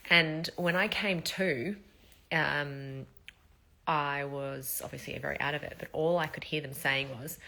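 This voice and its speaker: Woman, thirties, low-pitched, bright tone, casual vlog, candid and emotional, short of breath after surgery. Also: gravelly. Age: 30s. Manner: candid, emotional storytelling with swearing and fillers. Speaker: vlogger.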